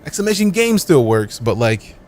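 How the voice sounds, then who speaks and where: While live-streaming a game, a man with a fairly high, sing-song, slightly mellow voice chats casually with viewers at a normal pace. He jokes around with playful, slang-heavy trash talk, feigning offense.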